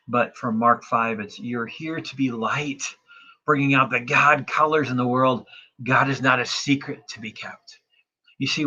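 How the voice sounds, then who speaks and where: A pastor delivers a meditative sermon, reading scripture slowly and inviting listeners to breathe with him. His voice is bright but a little husky, and the recording sounds dull and lo-fi, as in an online service. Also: medium pitch.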